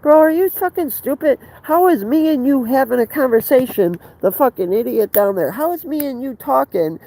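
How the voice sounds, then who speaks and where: A man's voice: extremely high pitch, expressive, normal speed, a little mellow, no echo, poor audio. A man livestreaming outdoors on a handheld phone, rambling in an agitated, profane way with stumbling restarts. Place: outdoors by a fenced facility.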